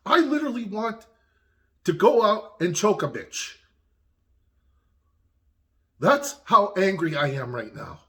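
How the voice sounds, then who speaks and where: A man's voice: sits high, sing-song, takes it slowly, long pauses, fairly bright tone. A man ranting angrily in a vlog recorded in his garage, swearing constantly and raising his voice in indignation. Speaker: vlogger. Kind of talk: angry personal rant. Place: home garage.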